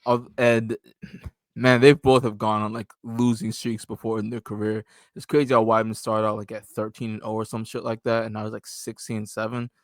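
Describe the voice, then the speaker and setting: A man co-hosting a casual sports podcast, animated and laughing, breaking his points into short bursts. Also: fairly low pitch, brisk, no echo. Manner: animated, laughing, acts out quotes. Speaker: podcast co-host.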